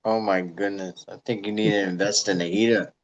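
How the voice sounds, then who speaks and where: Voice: low-pitched, fairly even intonation, a little fast, muffled recording. A guest from Louisiana with a Louisiana accent, chatting animatedly with emphatic delivery and frequent laughter. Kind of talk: casual chat.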